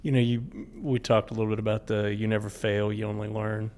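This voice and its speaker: A man's voice: fairly low pitch, little pitch movement, brisk, darkish tone, clear, resonant tone. A man in his forties or older co-hosting a podcast, asking his guest earnest questions. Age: 40s or older. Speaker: podcast co-host. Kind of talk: casual podcast interview.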